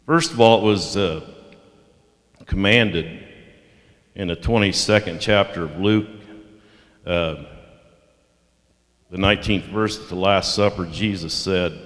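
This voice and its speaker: An older man speaks at communion in a deep, low voice. His delivery is halting and heartfelt, broken by pauses and fillers. The sound rings with the long echo of a church hall. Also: fairly bright tone. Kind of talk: sermon. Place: church sanctuary.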